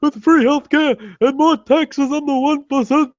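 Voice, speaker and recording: A man doing a squeaky, breathless impression of an excitable older male politician, breaking into giggles. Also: measured pace, dry recording, lo-fi sound. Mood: mocking.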